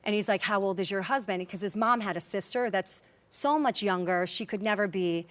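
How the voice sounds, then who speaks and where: A reality show cast member, a woman with a medium-pitched, slightly bright voice and a brisk pace, tells a personal story in casual talk-show chat. She's chatty, says "like" constantly, and acts out quoted dialogue.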